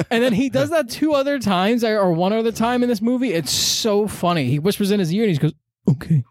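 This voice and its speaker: Male co-host, animated storyteller, bright-ish higher voice, swinging pitch. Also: fairly quick, hardly any pauses, no echo. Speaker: podcast co-host. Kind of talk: casual movie podcast chat.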